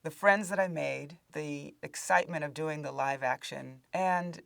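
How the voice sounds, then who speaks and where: A woman tells stories with animation in a casual interview. Her voice has a gravelly edge. It sounds close and dry. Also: low voice, a little slow, no echo. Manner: animated, laughing storyteller.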